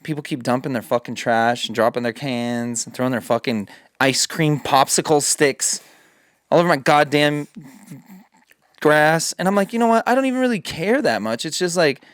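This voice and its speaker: A podcast host with a medium-pitched voice tells a casual story at a moderate pace, swearing freely and animatedly acting out every line of dialogue. The recording is close and dry, with no echo or room sound.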